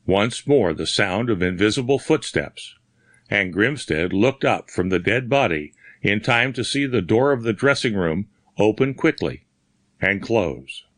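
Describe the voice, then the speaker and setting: Low-voiced male audiobook narrator. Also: expressive, no echo, studio quality. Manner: measured dramatic storytelling. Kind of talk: scripted narration.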